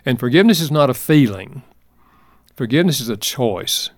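An older man in a radio-style interview, speaking at a middle pitch in an earnest, gentle and unhurried way. His voice is close and dry, with no room sound around it. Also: lively intonation, no room sound. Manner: earnest, gentle, measured storytelling. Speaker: author and counselor, guest. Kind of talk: reflective interview storytelling.

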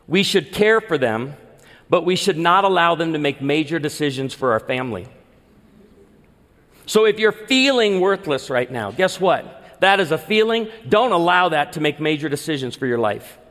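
A man's voice: fairly high pitch, fairly bright tone. A middle-aged man preaching a sermon as a pastor, earnest and emphatic, building points in rhythmic lists. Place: church sanctuary. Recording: long reverb in a large church hall.

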